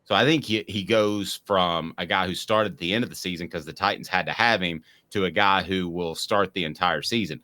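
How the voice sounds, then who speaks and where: Guy hosting a sports talk show, lowish voice but bright and punchy, keeps tossing questions. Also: a little fast, few pauses. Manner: upbeat, prompting co-host with questions.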